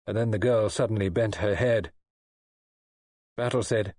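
A man reading a mystery novel aloud as audiobook narrator, in a measured, even manner. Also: fairly low pitch. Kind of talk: scripted narration.

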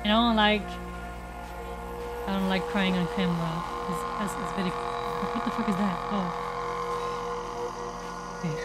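A woman streamer giving casual, excitable reaction commentary on a game, swearing and laughing often. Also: medium pitch, a little slow, long pauses. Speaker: gaming streamer. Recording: background music under voice. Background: background music.

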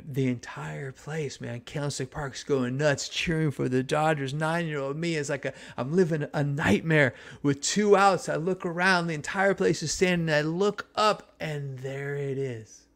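A man in his fifties from the San Francisco Bay Area, hosting a podcast and telling a nostalgic story in an animated, exclamatory way. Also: fairly high pitch, unhurried, creaky, few pauses. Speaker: podcast host.

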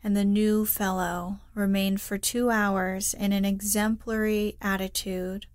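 A woman reading a classic novel aloud as a soothing bedtime story, softly and hushed, sometimes sinking to a whisper, close to the mic. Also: mid-range voice, flat delivery, a little slow, no room sound. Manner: soft, hushed, drifting into whispers. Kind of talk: slow, soothing sleep-story narration.

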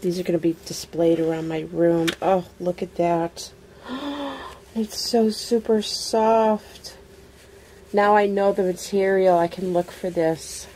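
A woman vlogger unboxing a craft swap package in casual chat, gushing over each item with excited exclamations. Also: fairly low pitch, a little slow, slight background noise.

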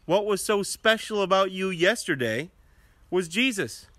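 A man voicing a gentle mother donkey in a children's story, speaking in a soft, soothing way. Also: sits high, expressive, measured pace, dry recording. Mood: tender.

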